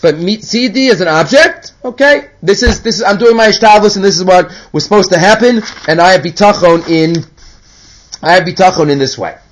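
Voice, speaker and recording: Guy with a high voice teaching torah, chatty, drops hebrew quotes in. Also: a little fast, poor audio. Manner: conversational, mixes Hebrew quotes into English, acts out characters. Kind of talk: casual Torah class.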